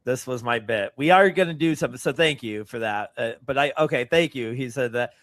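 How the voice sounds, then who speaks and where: A man's voice: medium pitch, a little fast, a bit bright, no echo. A man co-hosting a casual podcast chat, laughing often and restarting his sentences. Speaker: podcast co-host.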